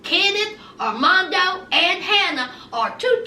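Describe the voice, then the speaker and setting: A young woman with a high, bright voice gives a chatty, sassy recap of a reality show, calling her listeners honey and child. She speaks slowly with lively intonation. The mic sits a bit distant in a roomy, echoing space with slight background noise.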